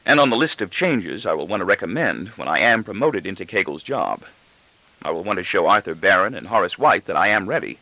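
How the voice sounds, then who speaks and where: Brief: male narrator, low-ish bright voice, lively pitch, audiobook. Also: fairly quick, no echo, low-quality recording. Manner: expressive, first-person storytelling. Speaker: audiobook reader.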